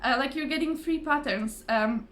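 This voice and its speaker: Chatty woman with a high voice. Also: moderate pace, fairly bright tone. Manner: chatty, rambling, many fillers and restarts; laughs often. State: voice a little tired. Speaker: craft vlogger. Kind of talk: casual chat to camera. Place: home, at a table. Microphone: phone or camera on the table.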